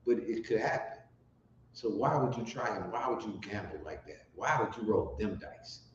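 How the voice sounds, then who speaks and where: A man preaching on the street, profane and fiery, teaching from scripture and swinging from mutters to shouts. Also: lowish voice, normal speed. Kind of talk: street sermon with scripture reading. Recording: roomy dull lo-fi recording with faint noise.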